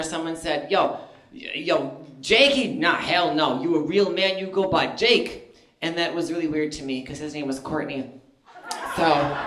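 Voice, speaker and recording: A man in his thirties does a stand-up set on stage before a live audience, chatty and self-deprecating, packed with fillers and asides. His high voice is bright and forceful, and the sound is reverberant.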